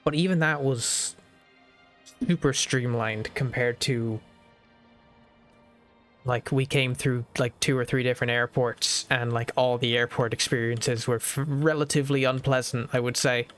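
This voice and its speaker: A man's voice: mid-range voice, fairly even intonation, measured pace, fairly bright tone, faint music behind. A young Irish man streaming a strategy game, chatting casually and thinking aloud with lots of fillers. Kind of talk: casual gaming stream chat.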